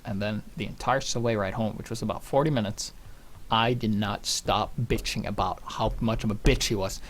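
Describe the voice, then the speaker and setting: A young man from Norway, telling personal stories casually in a rambling, animated way with free swearing. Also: mid-range voice, moderate pace. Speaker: channel host.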